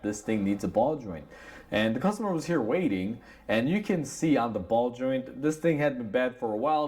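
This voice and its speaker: A man's voice: mid-range voice, a little mellow. A man, a mechanic, casually telling a story from his shop straight to camera, candid and conversational, full of "you know" and "like" as he acts out both sides of the exchange. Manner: many fillers like "you know" and "like". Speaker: auto mechanic, shop owner.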